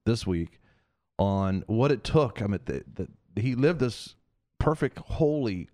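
A man's voice: lowish voice, lively intonation, slow pace, dark tone, dry recording. A man hosting a Christian talk show, preaching earnestly and repeating phrases for emphasis. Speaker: host of a Christian TV and radio show.

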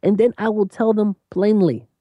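An animated preacher who talks emphatically in conversation, laughing between points and slowing down to stress key phrases. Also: medium pitch, no echo, muffled recording. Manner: lively, emphatic, repeats "you know what I'm saying".

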